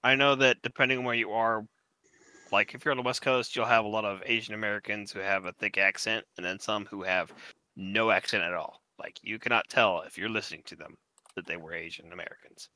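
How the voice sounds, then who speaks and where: A man's voice: on the low side, steady tone, a little fast, pushed and bright, no room sound. A young man co-hosting a podcast, talking bluntly in casual chat, swearing freely and going off on tangents. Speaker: podcast co-host.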